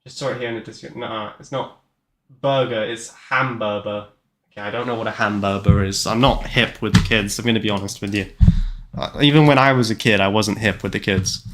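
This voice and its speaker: A man's voice: on the low side, fast, a bit bright. Rambling young man streaming games. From Canada. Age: 20s. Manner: rambling, self-deprecating, jokey, lots of "like" fillers. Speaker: game streamer. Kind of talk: casual gameplay live-stream chat.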